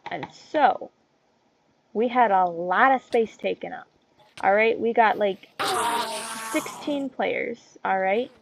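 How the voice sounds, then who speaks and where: A woman's voice: medium pitch, slow pace, vocal fry, long pauses, rough recording. A teenage girl in a casual rant, rambling through a story with many fillers and tangents. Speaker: vlogger. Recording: loud background noise and clicks.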